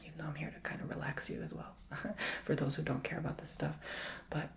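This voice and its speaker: A man giving a soft-spoken ASMR tarot reading, gently encouraging the listener and slipping often into a whisper. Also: a little high, little pitch movement, fast talker, vocal fry. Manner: affectionate, emotional cheering on the listener. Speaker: tarot reader and ASMR host.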